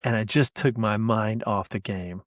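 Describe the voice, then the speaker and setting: A man playing a dejected, halting tech worker. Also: on the low side, fairly even intonation, no room sound, clean studio sound, voice pushed down, close to an everyday voice. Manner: halting, quiet, self-blaming. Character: dejected male database administrator being interviewed. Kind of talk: comic sketch.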